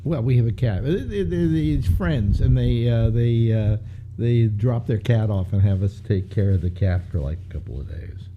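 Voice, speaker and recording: A man hosting a live talk show, rambling and halting in casual chat, on dull lo-fi audio. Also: medium pitch, noisy background. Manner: rambling, halting, laughs easily.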